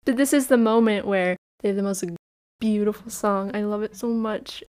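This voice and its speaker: A woman co-hosting a film podcast, recapping a movie in casual, animated chat with laughs and the odd swear. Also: medium pitch, normal speed, clear, resonant tone. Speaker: podcast co-host.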